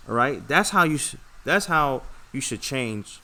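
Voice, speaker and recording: A man's voice: medium pitch, lively intonation, measured pace, few pauses, sharp tone. A young man hosting a trading livestream from home, talking casually to viewers in an earnest, repetitive, lecturing way, with frequent "okay" and "all right" checks.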